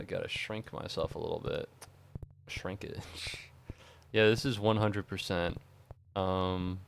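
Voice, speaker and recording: A man's voice: low-pitched, gravelly, fairly bright tone, slight background noise. A tired young man streaming while he plays a game, chatting casually in a rambling, self-mocking way and swearing freely. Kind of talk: casual chat while gaming.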